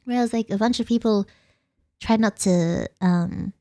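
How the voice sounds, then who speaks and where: A woman's voice: mid-range voice, a little slow, mellow, no room sound, studio quality. A young Australian woman streaming a casual late-night chat, rambling and giggling as she answers her viewers. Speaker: vtuber streamer.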